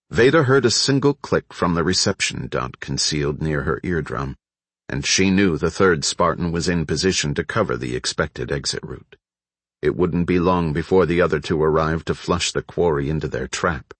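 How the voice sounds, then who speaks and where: A man narrating an audiobook in a steady, even storytelling manner. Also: extremely low pitch, normal speed, breathy edge, no room sound. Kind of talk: scripted narration.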